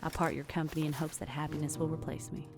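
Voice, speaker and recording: A woman plays a gallant medieval sea captain who talks with easy courtly charm. The voice sits low with a gravelly texture. Music plays clearly behind it. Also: little pitch movement, fast. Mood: cold. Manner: courtly, smooth-talking. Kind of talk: fan audio drama reading.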